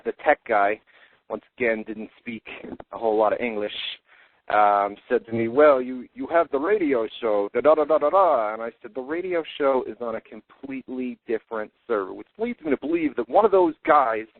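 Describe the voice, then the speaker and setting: A man's voice: medium pitch, moderate pace, dry recording. A man with a New York accent hosting a casual radio show, talking loosely with lots of restarts and the odd curse word. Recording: tinny phone-like web radio audio.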